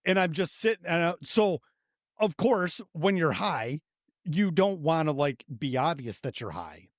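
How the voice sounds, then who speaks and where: A man in his thirties co-hosting a podcast, telling a profane, animated story and acting out his own reactions. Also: on the high side, a little slow, no echo, studio quality. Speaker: podcast co-host. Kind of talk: casual storytelling chat.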